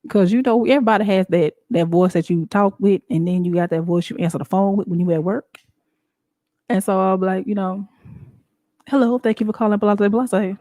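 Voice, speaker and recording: A woman hosting a show, talking in a casual, animated and emphatic way with frequent laughs. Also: mid-range voice, brisk, no echo. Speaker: show host. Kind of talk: casual talk-show monologue.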